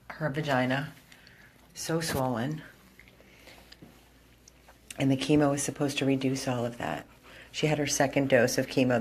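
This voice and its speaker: A woman's voice: rumbling low, a little hiss or hum. A woman from an animal rescue, filming indoors on a handheld phone and talking earnestly and emotionally straight to her viewers. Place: indoor room.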